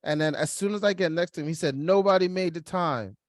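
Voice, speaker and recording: A young man co-hosting a podcast, telling a personal story in casual chat, lively and laughing, acting out the voices of others. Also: high voice, fairly quick, no room sound, clean studio sound. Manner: animated, acts out quoted voices, laughs while telling. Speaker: podcast co-host.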